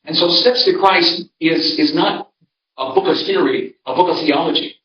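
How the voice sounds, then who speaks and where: An older man pastor talks through a church seminar in a loose, storytelling way, often restarting his sentences. His voice sits a little high. It sounds roomy and dull, picked up from some distance in a church hall. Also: moderate pace. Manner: conversational, storytelling, frequent restarts. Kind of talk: folksy seminar talk.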